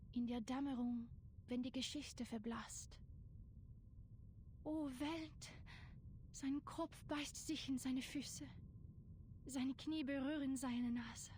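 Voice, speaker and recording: An actress playing a solemn woman slowly reciting a prophetic poem in a game, with a German accent. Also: high-pitched, darkish tone, a little hiss or hum. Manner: slow, solemn, incantatory.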